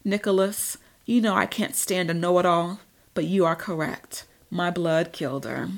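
A woman's voice: fairly low pitch, steady tone, moderate pace, creaky. A woman reading the lines of a scheming, power-hungry male vampire leader in an audiobook, mocking and boastful.

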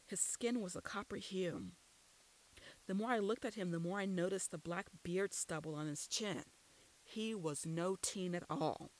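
A woman's voice: on the low side, measured pace, low-quality recording. A woman reading a first-person story aloud as scripted narration, telling it steadily. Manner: steady storytelling with quoted dialogue.

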